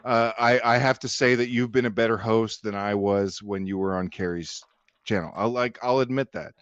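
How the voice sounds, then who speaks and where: A man's voice: lowish voice, fairly even intonation, normal speed, clear, resonant tone, dry recording, lo-fi sound. A man guest on a livestream panel, ranting angrily with lots of swearing and jeers. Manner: angry, profane, jeering rant. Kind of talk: heated livestream panel rant.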